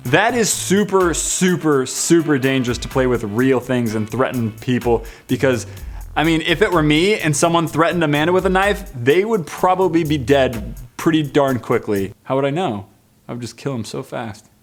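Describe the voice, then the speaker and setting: A man's voice: a little high, moderate pace, soft background music. A man in his twenties hosting a vlog, reading viewer comments in a playful, joking way. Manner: playful, jokey, animated. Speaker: vlog host.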